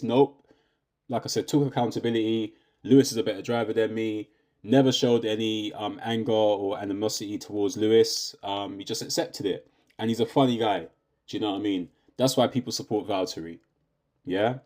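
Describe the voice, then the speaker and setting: Chatty British man ranting, lowish voice. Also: steady tone, brisk, darkish tone. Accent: British English. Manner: conversational, rhetorical questions, says "do you know what I mean" often. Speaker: YouTube commentator. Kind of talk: opinionated casual rant.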